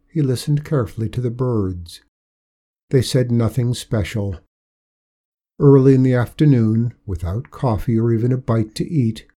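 A man reading a folk tale aloud as narrator, in a slow, measured and gentle manner. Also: medium pitch. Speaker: storyteller. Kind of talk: storybook narration.

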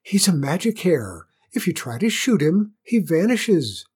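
Timid storybook gamekeeper, trembling and mumbling, raised pitch, breathy, as a narrator puts him on. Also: sing-song, measured pace, darkish tone. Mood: fearful. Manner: nervous and mumbling. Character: timid, nervous gamekeeper man.

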